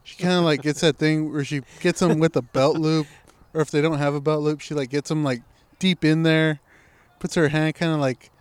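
A man's voice: a little high, steady tone, normal speed, clear, resonant tone, no echo. A man co-hosting a podcast, talking in a laid-back, slangy and rambling way. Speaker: podcast co-host. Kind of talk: casual podcast chat.

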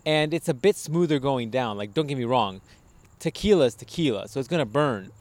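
A man from Arizona co-hosting a podcast, chatting casually, animated and swearing, laughing at his own jokes. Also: mid-range voice, brisk. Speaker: podcast co-host. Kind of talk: casual chat.

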